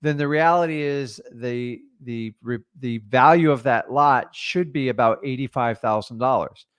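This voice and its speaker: A man coaching on real estate in a casual, blunt and animated way, taking live questions and peppering his talk with "like" and "man". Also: medium pitch, normal speed, clean tone.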